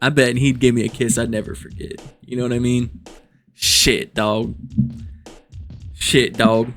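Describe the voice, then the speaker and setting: A man's voice: mid-range voice, little pitch movement, a little slow, fairly bright tone, faint music behind. Rambling, profane male comedy vlogger. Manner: rambling, profane, self-amused. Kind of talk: joking casual commentary.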